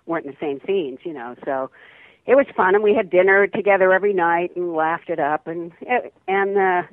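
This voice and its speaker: A woman's voice: lowish voice, brisk, no echo. An older woman, an actress, chatting in an interview over the phone and laughing often. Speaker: actress guest. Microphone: telephone. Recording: tinny dry phone line.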